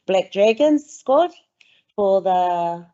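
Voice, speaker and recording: A woman's voice: medium pitch, expressive, extremely slow, mellow. A woman with a New Zealand accent giving an enthusiastic, chatty report at a council meeting. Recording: dull lo-fi meeting recording.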